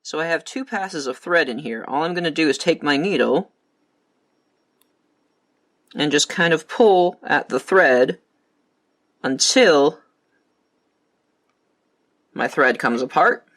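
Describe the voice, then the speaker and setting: A man leads a craft tutorial, walking through each step in a calm, methodical way. His voice sits a little high and sounds bright and clear, and the pace stays even throughout. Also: slow, long pauses. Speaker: beading instructor.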